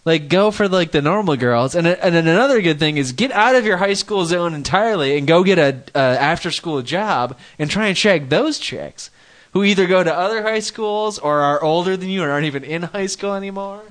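A man's voice: sits high, lively intonation, fairly quick, fairly bright tone. A man co-hosting a podcast in casual comedic chat, crude and bantering, often laughing. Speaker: podcast co-host.

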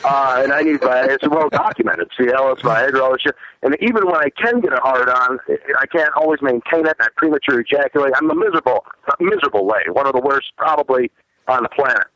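A man's voice: mid-range voice, quick pace, sharp tone, no echo. A man around forty, calling in to a talk show, rambling and cynical, a little winded. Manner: rambling, self-deprecating, cynical. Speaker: phone-in guest. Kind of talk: casual crude chat. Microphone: phone. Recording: muffled phone line.

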